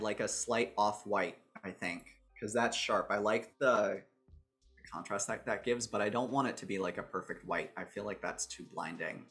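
A man's voice: fairly low pitch, a bit bright. A man hosting a livestream, chatting casually and thinking aloud with a jokey, self-mocking manner as he shows off a character builder. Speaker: host demonstrating a character builder.

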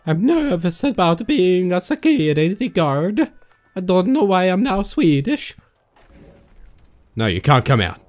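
A man giving jokey let's-play commentary, excitable and breaking into sudden high yelps. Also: unhurried. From Australia. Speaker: gaming YouTuber.

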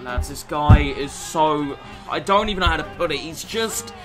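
A young man giving gameplay commentary, swearing constantly and swinging from low muttering to outbursts. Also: moderate pace, music in the background. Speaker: gaming YouTuber.

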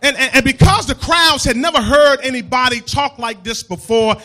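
A man preacher delivering a sermon in a church, with a rhythmic, sing-song, half-shouted cadence. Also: very high-pitched, normal speed.

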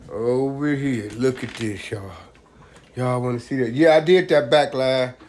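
Speaking a little slowly in a mid-range, darkish voice, a laid-back vlogger shows off what he cooks at home and talks to viewers as "y'all." There's a little hiss or hum, and his roomy home kitchen carries faint background ambience.

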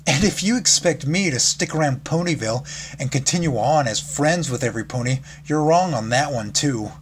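A man's voice: a little high, expressive, moderate pace, close to an everyday voice. Rainbow Dash, a bitter pony mare, as a man voices her. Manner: bitter, angry. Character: brash heartbroken female pegasus pony. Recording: background noise.

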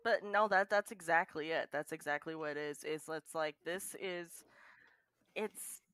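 A woman's voice: deep voice, a little slow, a bit bright, no echo. Chatty woman guest, full of "like"s. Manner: lots of filler "like", emphatic. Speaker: podcast guest. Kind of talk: casual podcast chat.

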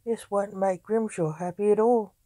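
A woman voicing the scolding ghost of a male highwayman who lectures his companion. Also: moderate pace, mellow, no echo, natural voice. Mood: explaining.

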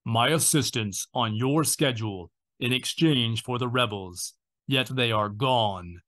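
A man voicing an angry armored dark lord, grinding out his words slowly with a rumble. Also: natural voice. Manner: slow, ground-out, rumbling delivery.

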